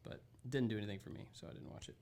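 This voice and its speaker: A man's voice: on the low side, fairly even intonation, very fast, darkish tone, smooth. A man co-hosting a podcast, chatting casually and often trailing off into "I don't know.". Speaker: podcast co-host.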